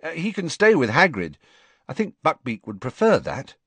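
A man's voice: a little high, huge pitch swings, normal speed, a bit bright, breathy edge, no room sound, voice pushed up, exaggerated voice. A man voicing a blunt, impatient teenage boy wizard who speaks in clipped lines, in an audiobook. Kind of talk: audiobook character voice.

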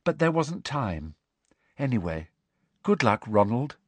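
A man's voice: medium pitch, very animated, a little slow, no room sound. A man voicing a dreamy, vague teenage girl in an audiobook reading.

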